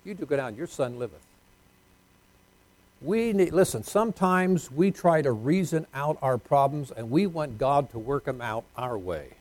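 A pastor preaching a folksy sermon, swinging between loud emphatic lines and hushed ones. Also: male voice, medium pitch, lively intonation, a little slow.

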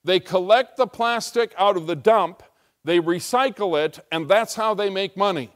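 A middle-aged American man preaching a sermon as pastor, telling a story with emphatic rising intensity. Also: sits high. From United States.

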